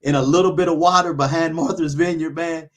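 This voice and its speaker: A man's voice: a little high, steady tone, fairly quick. A man hosting a casual talk show, rambling with many restarts while giving his opinions. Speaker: YouTuber, podcast host.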